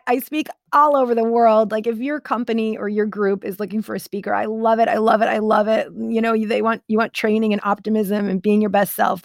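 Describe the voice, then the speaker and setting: A motivational speaker tells a personal story to camera in an earnest, chatty way, peppering it with "like" and "right?". Her voice sits on the high side with a gravelly texture, recorded dry with studio quality.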